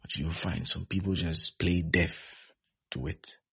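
A man's voice: low voice, fairly even intonation, takes it slowly, vocal fry, bright, forceful tone, slightly rough. A man preaching a sermon as pastor, exhorting with lots of repetition. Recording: dull lo-fi recording.

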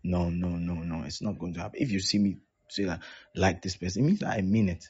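A man's voice: low-pitched, fast talker, a little mellow, breathy edge, highs cut off. A man preaching as a pastor, acting out both sides of the conversations he recounts. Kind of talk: sermon.

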